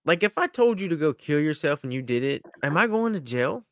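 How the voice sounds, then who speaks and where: A man's voice: a little high, big pitch swings, fairly quick, fairly bright tone, no echo, studio quality. A man co-hosting a podcast in laid-back, joking banter. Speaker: podcast co-host. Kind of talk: casual podcast chat.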